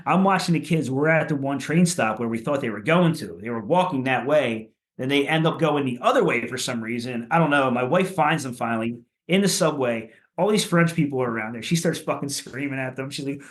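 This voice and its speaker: A man's voice: medium pitch, fairly quick, few pauses. A man from Philadelphia, a punk musician guest on a podcast, telling stories in a rambling way with lots of swearing and "like" fillers. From Philadelphia, USA. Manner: rambling, profane, many "like" fillers. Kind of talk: casual chat.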